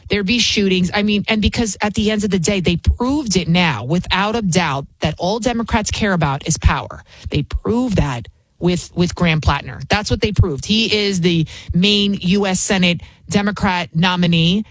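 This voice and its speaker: A woman's voice: mid-range voice, normal speed, dry recording. A woman talk show host delivering an emphatic, sarcastic political commentary monologue, often repeating her points.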